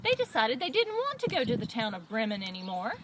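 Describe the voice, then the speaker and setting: Casting: female children's librarian, high and very lively storytime voice, noisy recording. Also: quick pace. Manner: expressive, lively storyteller voice for kids. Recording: loud background noise.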